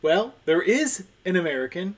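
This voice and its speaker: A man's voice: sits high, very animated, normal speed. A man co-hosting a casual live stream chat, answering with dry, teasing banter.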